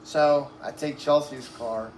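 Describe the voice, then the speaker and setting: A man being interviewed tells a long, rambling story, swearing freely and leaning on "like" and "right?" His voice is medium in pitch, steady and slow, slightly mellow, and he sounds a bit short of breath because he uses oxygen. It's casual storytelling recorded in an echoey room with faint background noise.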